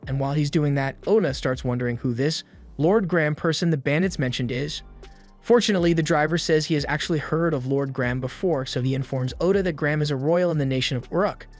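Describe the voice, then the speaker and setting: A man with a slightly higher-than-usual voice narrates an anime recap in scripted form. His delivery is even and brisk, moving steadily from one plot beat to the next. Soft music plays quietly behind him.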